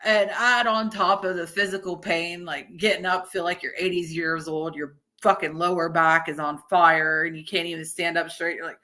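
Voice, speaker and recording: Bright-voiced woman in her early thirties. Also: on the low side, steady tone, moderate pace, hardly any pauses. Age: early 30s. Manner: chatty, swears freely, laughs often. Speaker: streamer reacting to a video. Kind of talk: casual live-stream chat.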